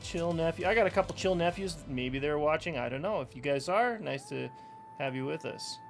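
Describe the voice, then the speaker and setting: A man's voice: fairly high pitch, animated, fairly quick, gravelly, soft background music. Chatty man opening card packs. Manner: chatty, playful, talks to viewers. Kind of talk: casual chat while opening packs. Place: room at home with fans running.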